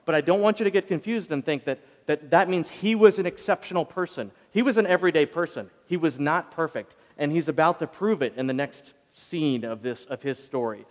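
A man delivers a sermon in a loose, conversational way, slipping into emphatic asides as he retells the story. His voice sits a little high for a man. A long reverb trails behind him, as in a large hall. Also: expressive, fairly quick, few pauses. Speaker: pastor.

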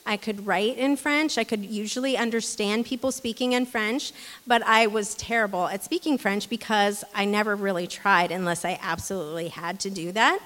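A woman giving a relaxed, chatty sermon in a church, talking with many ums and restarts. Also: medium pitch, normal speed, big-room sound. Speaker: church speaker. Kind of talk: casual conversational sermon. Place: church hall.

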